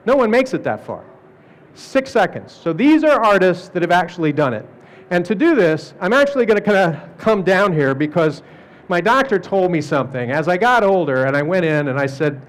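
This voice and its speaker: A middle-aged man giving a lively, joking presentation to artists, acting out quoted people as he goes. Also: on the high side, moderate pace. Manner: animated, jokey, acts out quoted people. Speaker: speaker at an art fair talk. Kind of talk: lecture presentation.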